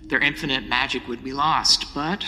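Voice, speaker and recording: A man's voice: mid-range voice, fairly even intonation, moderate pace, pushed and bright. A game master voicing a creepy, coldly polite male robot villain who lectures. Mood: ominous. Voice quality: cold, eerily polite, lecturing. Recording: long reverb, faint hiss.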